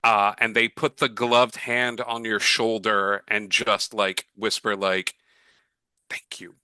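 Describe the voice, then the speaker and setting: Game master, rambling narration, very bright dry voice. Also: male voice, on the low side, flat delivery, slow, clear, resonant tone, dry recording, poor audio. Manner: rambling, lots of fillers and restarts.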